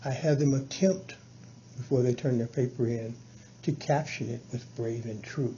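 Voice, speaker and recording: A man talks a colleague through his classroom routines, stopping and restarting often and filling pauses with "um." His voice is very dark and mellow. The recording is dull and low-fi, with a faint hiss behind him. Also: steady tone. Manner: halting, many restarts and fillers, breaks into chanted syllables and sung verses. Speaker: teacher mentoring a colleague. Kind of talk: casual explanatory talk on lesson planning.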